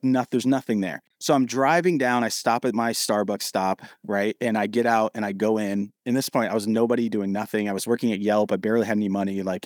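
A man from Ohio, a podcast guest, telling lively stories and acting out the dialogue. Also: fairly low pitch, no room sound, studio quality. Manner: animated, acts out quoted dialogue. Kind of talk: storytelling in a podcast interview.

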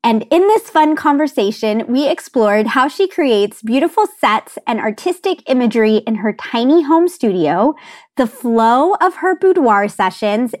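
A woman co-host reading a scripted episode introduction in a bright, enthusiastic way. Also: fairly high pitch. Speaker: podcast co-host.

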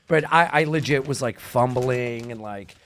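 A comedian co-hosting a podcast, telling stories in animated fashion, acting out the people he quotes and laughing often. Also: medium pitch, normal speed, slight background noise. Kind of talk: casual comedic chat.

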